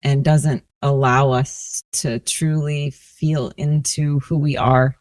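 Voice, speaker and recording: A woman in her forties from New Orleans, a resilience coach telling her personal story as a podcast guest in a slow, reflective, earnest way. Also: rumbling low, little pitch movement, a little mellow, dry recording. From New Orleans, USA.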